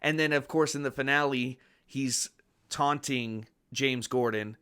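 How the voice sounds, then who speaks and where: A man's voice: medium pitch, measured pace, bright, forceful tone, smooth. A man co-hosting a casual podcast, talking with enthusiasm, retelling scenes and swearing freely. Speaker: podcast co-host.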